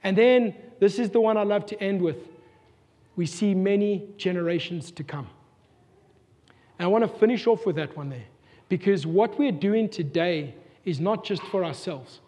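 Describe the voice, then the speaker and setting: A man's voice: high-pitched, moderate pace, mellow. A man with a South African accent preaching a sermon to his congregation, earnest and full of rhetorical questions, often repeating himself. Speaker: pastor. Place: church hall. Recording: long reverb of a church hall.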